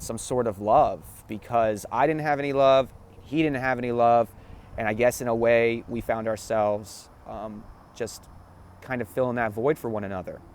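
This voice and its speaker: In a spiritual talk he hosts, a man with a medium-pitched, darkish voice recounts a personal story earnestly and emotionally. He repeats phrases and keeps checking in with a "right?"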